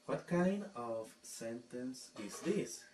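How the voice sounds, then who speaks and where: A man teaching an English grammar lesson, speaking deliberately and often checking in with the class. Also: mid-range voice, lively intonation, a little mellow. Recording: echoey room, distant mic, noisy background.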